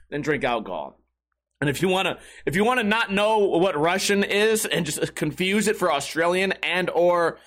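A man's voice: on the high side, fairly bright tone. A young man telling a story casually, rambling, swearing and laughing often as a podcast host.

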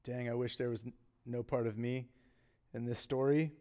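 A middle-aged man preaching a sermon as pastor, earnest and conversational, with emphatic rises and quiet drops. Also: medium pitch, steady tone, normal speed.

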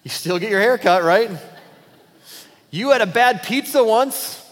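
A pastor delivers a sermon in an easy, conversational way and acts out bits of everyday dialogue. His voice sits a little high for a man. The sound carries the long reverb of a big church hall. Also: expressive, unhurried, fairly bright tone. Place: church auditorium.

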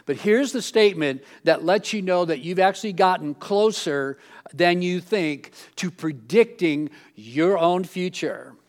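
Pastor, high-pitched male voice, loose conversational sermon delivery, animated asides. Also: unhurried. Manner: conversational preaching, many fillers and restarts; rising animated when mimicking others. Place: auditorium.

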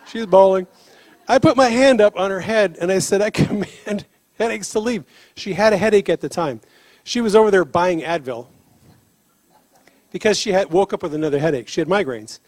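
Male preacher, high-pitched, lively storyteller, dry close sound. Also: moderate pace, dry recording. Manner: animated storyteller, laughs often, acts out dialogue. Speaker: preacher on healing ministry. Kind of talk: sermon with storytelling.

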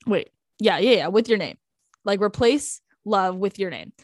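An earnest eighteen-year-old woman chats into a close podcast mic, her talk full of "like" and "um". Her voice sits at an ordinary middle pitch and sounds dry, with no room around it. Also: expressive, normal speed, no room sound. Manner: earnest, chatty, with frequent "like" and "um" fillers. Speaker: podcast co-host. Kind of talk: casual faith podcast talk.

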